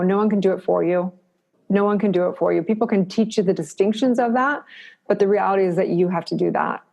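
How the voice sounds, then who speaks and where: A middle-aged woman answers interview questions in a low voice with plenty of vocal fry. She sounds earnest and encouraging. She often repeats a phrase to drive her point home. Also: a little mellow. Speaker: podcast guest.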